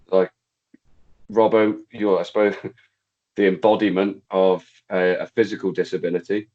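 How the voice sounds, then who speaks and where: A man's voice: deep voice, darkish tone, lo-fi sound. A man co-hosting a podcast in casual chat, rambling and searching for his words in a matey way.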